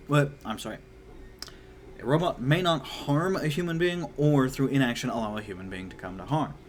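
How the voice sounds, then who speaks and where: A man's voice: mid-range voice, slight background noise. Chatty young man reviewing a book. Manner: chatty, many fillers, acts out characters' lines in a raised voice. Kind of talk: casual spoken book review.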